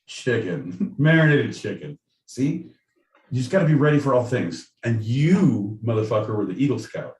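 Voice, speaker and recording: A man's voice: mid-range voice, expressive, normal speed, mellow, distant mic. Man, podcast co-host, jokey rambling chat, roomy off-mic sound, faint noise. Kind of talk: casual chat.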